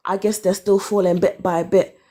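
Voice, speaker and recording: A woman in her thirties talking openly about her own life in a casual conversation. Her voice sits in an ordinary middle pitch. She tells it animatedly, sighing and laughing between thoughts. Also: normal speed. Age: 30s. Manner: candid, animated storytelling with sighs and laughs. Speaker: caller. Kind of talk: casual chat.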